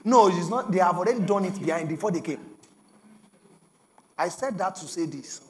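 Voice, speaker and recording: A young adult Nigerian man preaching a sermon as pastor, telling stories with bursts of shouting and laughter. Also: high-pitched, expressive, normal speed.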